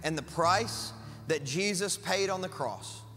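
High, bright-voiced pastor preaching in a hall. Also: male voice, lively intonation, measured pace. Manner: emphatic, conversational preaching with asides. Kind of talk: sermon. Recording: church hall with long reverb and faint music.

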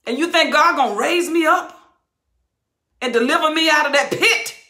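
High, bright, hollering woman preacher. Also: moderate pace. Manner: hollering, emphatic, repeats phrases. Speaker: Bible teacher. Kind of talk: impassioned verse-by-verse preaching. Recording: roomy echo.

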